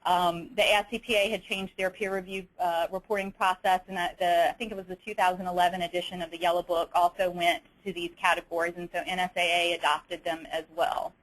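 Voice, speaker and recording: A woman with a Southern US accent leads an instructional webinar. She explains each slide step by step in a methodical way, pausing on fillers and restarting her phrases as she works through the material. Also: fairly low pitch, flat delivery, fairly bright tone, rough recording. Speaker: webinar presenter.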